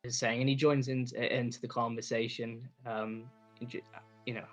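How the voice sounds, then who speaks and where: A man's voice: medium pitch, flat delivery, moderate pace, muffled recording, soft background music. A man describing his character in a tabletop game, meandering and hesitant. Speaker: player.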